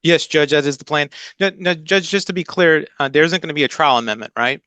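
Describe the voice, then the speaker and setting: A man addresses the court as an attorney, polite and halting with many fillers. His voice is bright and smooth. The sound is dry. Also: on the high side, dry recording. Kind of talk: court hearing.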